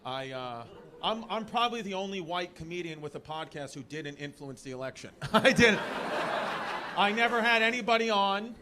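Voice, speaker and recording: A New York man with a high voice does live stand-up in a club, animated and at normal speed. He rambles, pokes fun at himself, and teases the crowd, with loud audience and room noise all around.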